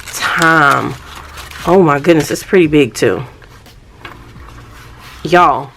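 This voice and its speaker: A woman chatting casually through a planner unboxing, often calling viewers y'all. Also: low-pitched.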